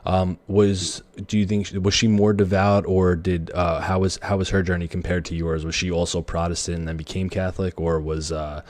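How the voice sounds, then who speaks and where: A man's voice: low voice, little pitch movement, normal speed, hardly any pauses, a little mellow, no echo. A man hosting a podcast, asking casual interview questions hesitantly, with many restarts. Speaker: podcast host.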